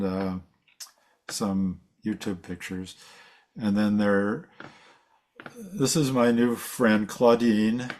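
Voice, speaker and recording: A man with a somewhat low voice presents photos at a members' seminar. He rambles and restarts his sentences in an easy, conversational way. He sounds like he is talking over a video call. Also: darkish tone. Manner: rambling, self-correcting, chuckles. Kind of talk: casual presentation talk.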